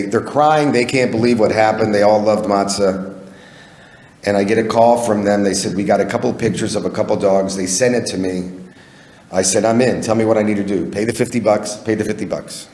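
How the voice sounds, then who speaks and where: A man with a somewhat low voice tells a personal story to an audience, conversational and unhurried. He acts out the people in his tale as he goes. The sound carries the long, roomy reverb of an event hall. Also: darkish tone. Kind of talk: live personal storytelling on stage.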